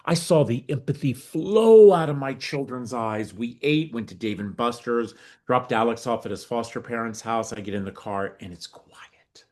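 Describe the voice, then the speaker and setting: A middle-aged man, a guest on an interview podcast, telling his story with lively acted-out dialogue. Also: mid-range voice, moderate pace, few pauses. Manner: animated storyteller acting out quoted dialogue. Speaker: guest, nonprofit founder.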